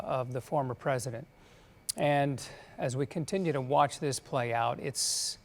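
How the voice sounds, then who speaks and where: A man's voice: on the high side, creaky, darkish tone. A male news anchor giving live, earnest commentary on a broadcast event in a conversational way.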